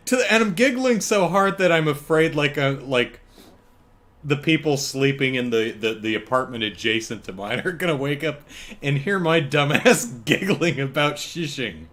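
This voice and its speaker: A man's voice: mid-range voice, expressive, normal speed, a bit bright. A man hosting a casual solo podcast from home, telling stories in a wry, chuckling way with lots of restarts. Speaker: podcast host. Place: home, apartment.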